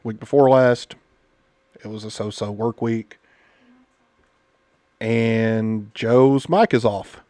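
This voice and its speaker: A man's voice: fairly low pitch, takes it slowly, pauses often, mellow, no room sound. A man hosting a casual podcast, talking bluntly and indignantly, with many fillers. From United States. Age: adult parent. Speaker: podcast host. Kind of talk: casual political podcast chat.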